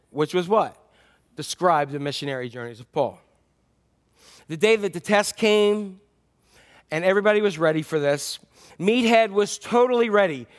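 A male pastor telling stories in a sermon, acting out the animals in the tale. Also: high voice. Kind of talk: sermon storytelling.

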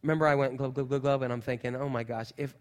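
Middle-aged pastor in a reverberant hall. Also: male voice, mid-range voice, fast talker, clear, resonant tone. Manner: lively storyteller, makes sound effects. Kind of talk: sermon with personal storytelling.

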